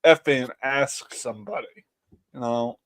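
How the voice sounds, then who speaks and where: A young man in casual group chat, animated and quick to laugh, swearing now and then. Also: medium pitch, no echo.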